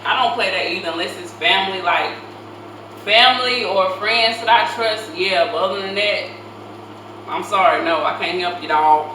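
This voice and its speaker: A woman's voice: medium pitch, normal speed, sharp tone. A woman co-hosting a casual reaction chat, speaking bluntly and casually with heavy use of "like.". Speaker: co-host, host's sister. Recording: echoey room, mic at distance, faint noise.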